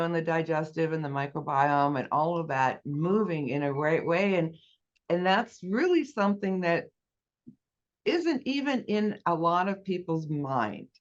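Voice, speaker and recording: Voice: mid-range voice, lively intonation, moderate pace. A guest in a casual interview, earnestly explaining a product step by step. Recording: dull lo-fi audio.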